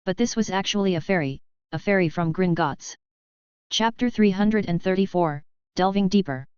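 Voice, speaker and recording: A woman narrates a fantasy audiobook in an even, steady way. Her voice is smooth and a little low. The recording is dry and dull, with a lo-fi edge. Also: normal speed, dry recording. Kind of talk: scripted narration.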